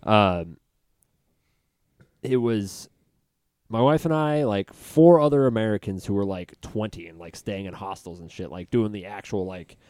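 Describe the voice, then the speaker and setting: A man's voice: on the low side, a little slow, a little mellow, no room sound, studio quality. A young man hosting a casual podcast chat, rambling through his stories with lots of filler words. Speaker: podcast host.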